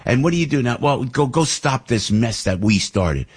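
Older guy on his show, husky voice, worked up and indignant, pitch jumping high when he gets going. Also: animated, moderate pace. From New Jersey. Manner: fired-up, indignant, rising to near-shouting. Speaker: radio show host. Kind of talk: political commentary rant.

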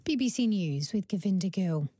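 Newsreader, female, warm low-key timbre, steady formal bulletin delivery. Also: normal speed, no echo. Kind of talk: news bulletin reading. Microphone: studio microphone.

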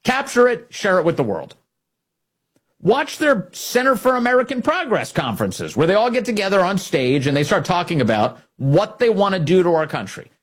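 A man's voice: high-pitched, sing-song, moderate pace. A man hosting a political commentary show, speaking emphatically and indignantly and repeating key phrases.

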